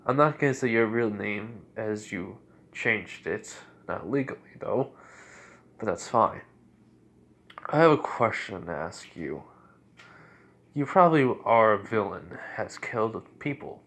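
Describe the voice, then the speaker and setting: A man voicing an immortal fourteen-year-old boy hero who talks in a slow, measured, quietly threatening way. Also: on the low side, expressive. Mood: calm.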